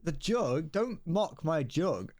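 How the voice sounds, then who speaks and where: A man's voice: fairly high pitch, sing-song, slow pace, a little mellow. A British man in his twenties, chatting and joking through a live gaming stream in a rambling, playful way. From Britain. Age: 20s. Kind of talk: casual gaming commentary. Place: home room.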